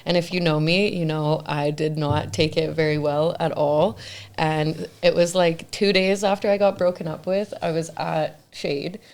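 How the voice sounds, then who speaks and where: This is a woman podcast host in loose, casual chat, talking in a slightly low voice. She tells her stories with animation and breaks into laughter often. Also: fairly even intonation, normal speed, darkish tone.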